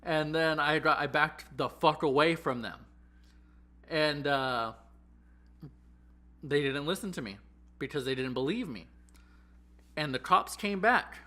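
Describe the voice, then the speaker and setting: A young man hosting a podcast, telling a story in an animated, profane, exaggerating way. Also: a little high, unhurried, long pauses. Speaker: podcast host. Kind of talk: casual storytelling chat.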